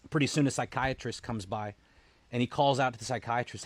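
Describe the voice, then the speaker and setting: A man, a military veteran, telling a personal story in an earnest, halting way, often repeating words as he restarts. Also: medium pitch, dry recording. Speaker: military veteran, founder of a veterans' support group.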